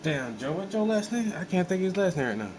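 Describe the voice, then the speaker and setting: Dude telling a wild story in aave, relaxed and cussing, bit of hum in the room. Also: male voice, high voice, quick pace, low-quality recording. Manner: animated, profane, laid-back storytelling with many fillers. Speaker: host. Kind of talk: casual storytelling.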